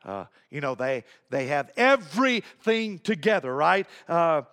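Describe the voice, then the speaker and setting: A male pastor preaching a sermon, emphatic, repeating key phrases and swinging between low asides and raised points. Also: sing-song, unhurried, fairly bright tone.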